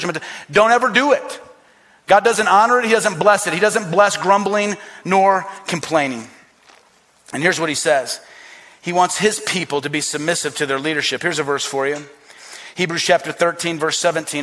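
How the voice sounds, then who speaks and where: A man's voice: fairly high pitch, brisk, pauses often, a bit bright. A man preaching a sermon as pastor, emphatic and repetitive, acting out quoted voices.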